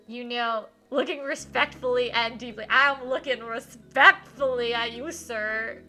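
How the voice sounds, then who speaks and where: Young female streamer reading a game aloud, gushing and giggly, bright tone. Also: fairly high pitch, fairly even intonation, measured pace, hardly any pauses, soft background music. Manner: bubbly, giggly, gushing reactions.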